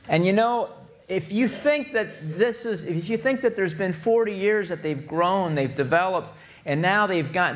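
A man's voice: on the high side, a bit bright. A man teaching a sermon who reads scripture aloud, then explains it in a conversational way, asking his listeners rhetorical questions. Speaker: Bible teacher.

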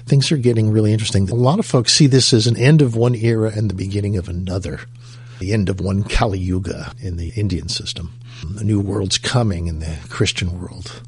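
A man hosts a talk radio show in an easygoing conversational way. His voice sits low and sounds a bit husky. He chuckles now and then between his thoughts. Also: fairly even intonation, a little fast.

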